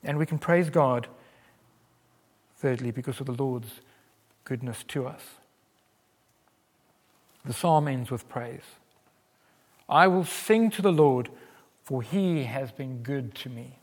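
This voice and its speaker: A man's voice: medium pitch, takes it slowly, pauses often. Earnest preaching man in a reverberant hall. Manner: earnest, emphatic, with wide swings in loudness. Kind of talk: sermon.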